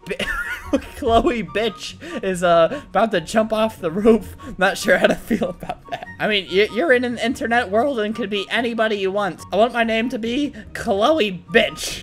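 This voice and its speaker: A young man giving excitable, foul-mouthed comedic commentary while playing a game, often bursting into laughter. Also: high voice. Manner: excitable, swears a lot, frequent laughing outbursts. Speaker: gaming YouTuber. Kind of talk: comedic let's-play commentary.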